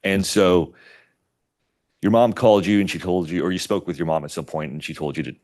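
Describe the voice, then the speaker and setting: Deep-voiced male attorney questioning. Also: steady tone, darkish tone. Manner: measured, methodical questions. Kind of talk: courtroom questioning. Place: courtroom.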